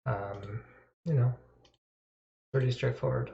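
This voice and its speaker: Chuckling and poking fun at himself, a man chats loosely on his live stream in a fairly low, slightly slow and mellow voice with lively intonation. He uses a desktop mic, and the recording comes out echoey and dull, with a faint hiss or hum.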